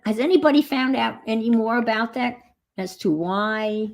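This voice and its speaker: A woman's voice: fairly high pitch, normal speed, creaky. A woman hosting a casual live chat while crafting, rambling as she goes and greeting viewers by name. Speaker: craft livestream host.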